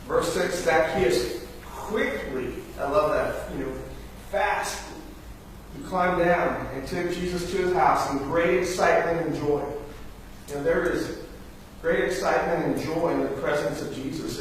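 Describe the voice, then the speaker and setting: Animated preacher in an echoing church. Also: male voice, a little high, a little slow, a little hiss or hum. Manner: animated storytelling, acts out voices. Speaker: pastor. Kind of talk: sermon. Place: church sanctuary. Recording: very echoey church, from far off.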